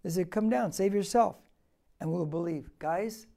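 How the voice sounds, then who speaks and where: A man's voice: high-pitched, moderate pace, vocal fry. A male pastor preaching a verse-by-verse sermon, emphatic and repeating phrases for stress. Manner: emphatic, with loud rises on key words; reads scripture aloud and repeats phrases for stress.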